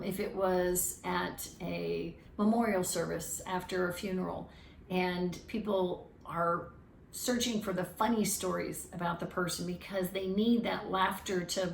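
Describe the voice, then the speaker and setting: A woman's voice: fairly low pitch, creaky, a little hiss or hum. A woman giving an earnest, reflective talk on feelings, sometimes restarting her phrases. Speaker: speaker on emotional wellbeing. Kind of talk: casual teaching talk. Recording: roomy, distant mic with faint ambience.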